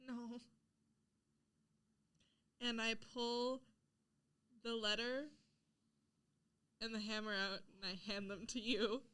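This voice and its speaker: A woman player in a tabletop game, speaking in a hesitant, measured way. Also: fairly high pitch, little pitch movement, a bit bright, smooth.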